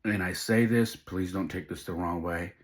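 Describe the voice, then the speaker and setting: A man's voice: low-pitched, moderate pace. A middle-aged man hosting a podcast, telling a personal story in an emotional, heartfelt way. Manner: emotional, heartfelt, faith-driven. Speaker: podcast host.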